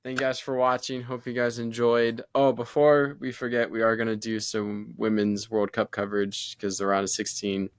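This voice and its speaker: A man's voice: medium pitch, flat delivery, normal speed, hardly any pauses, no room sound. A man co-hosting a football podcast, speaking bluntly in casual chat and closing the episode. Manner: blunt, swears freely. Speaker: podcast co-host.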